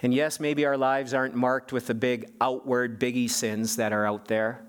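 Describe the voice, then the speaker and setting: A man's voice: mid-range voice, flat delivery, normal speed, clean tone. Emphatic male pastor preaching. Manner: emphatic, often restarts and repeats words. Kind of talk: sermon.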